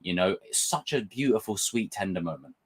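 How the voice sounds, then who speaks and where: A young man with a husky, fairly low voice talks a little fast as he reviews a show in a casual vlog. A film and TV reviewer, he rambles with animated passion and swears often.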